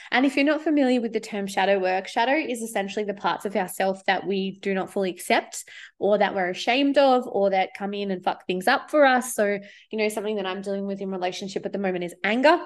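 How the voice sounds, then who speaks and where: A woman's voice: medium pitch, fairly quick. Chatty, swearing woman podcaster. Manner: chatty, swears freely, acts out inner voices. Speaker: spiritual channeler, podcast host. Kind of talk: casual spiritual podcast monologue. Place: studio with windows.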